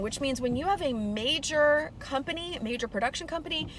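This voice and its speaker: Fast-talking cursing woman in a car, kinda high voice, road noise loud. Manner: blunt and profane, animated storytelling. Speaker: guest, PR consultant and comedian. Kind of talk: casual chat in a car. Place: inside a car driving in a city.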